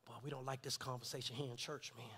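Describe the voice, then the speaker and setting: A man preaching a sermon as pastor of his church, with folksy jokes and laughter, swelling into shouted scripture with call-and-response. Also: mid-range voice, little pitch movement, fast. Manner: folksy, joking asides with laughter. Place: church sanctuary.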